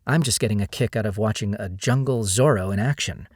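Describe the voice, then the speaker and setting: A man's voice: lowish voice, a little fast, no room sound, clean studio sound, close to an everyday voice. A man voicing a bubbly, playful young woman who teases as she talks, read in an audiobook.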